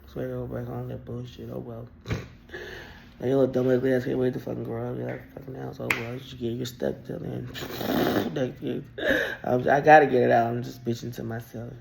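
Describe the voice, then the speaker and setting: A woman's voice: rumbling low, little pitch movement, a little fast, vocal fry, noisy background. A woman telling a story in a casual, blunt and profane rant that rambles along. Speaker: vlogger.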